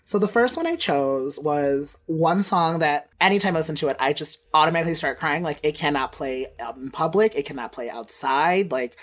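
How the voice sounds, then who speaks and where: A woman co-hosting a podcast in casual chat, swearing freely and gushing in quick bursts. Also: deep voice, lively intonation. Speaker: podcast co-host.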